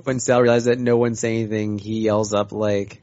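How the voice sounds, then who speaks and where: A man's voice: lowish voice, flat delivery, moderate pace, darkish tone, no echo. Matter-of-fact male player, dry sound. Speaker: tabletop game player. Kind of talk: describing his character's actions. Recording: dull, dry lo-fi recording.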